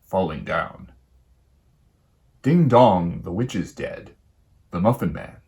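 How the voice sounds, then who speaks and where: A grave secret agent, put on by a man speaks in a very low voice. He drags out every word, slow and secretive. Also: animated, warm tone, full character voice. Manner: slow, grave, secretive delivery of nonsense rhymes. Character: deep-voiced male spy giving code words.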